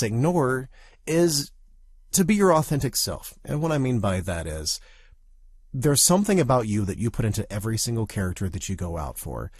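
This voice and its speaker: A man who grew up in the Southern United States, talking as a podcast co-host in a casual chat, animated and full of restarts. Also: mid-range voice, no echo, clean studio sound.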